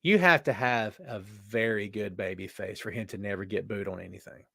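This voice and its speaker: A man's voice: fairly low pitch, moderate pace, creaky, bright, forceful tone, husky, no echo, clean studio sound. A man hosting a casual live show, chatting and joking as he reads viewer comments aloud. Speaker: podcast host. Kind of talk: casual live-stream chat.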